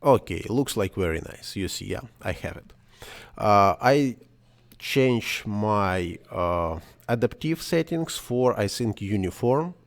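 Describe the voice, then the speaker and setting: Male non-native English speaker, lowish voice, hesitant self-correcting software tutorial narration. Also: animated, slow. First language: not English. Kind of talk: screen-recorded software tutorial.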